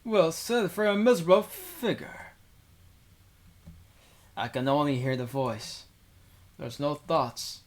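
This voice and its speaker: A man's voice: fairly high pitch, sing-song, slow, long pauses. Young man reading a visual novel aloud. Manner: casual, rambling asides with fillers. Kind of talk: reading game text aloud with casual asides. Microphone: desk microphone.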